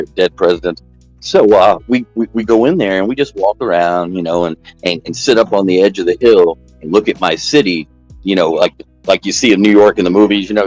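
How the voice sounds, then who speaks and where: A man telling a long story in casual chat, rambling and animated, jumping up in pitch when he quotes people. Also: quick pace, dry recording, soft background music, low-quality recording.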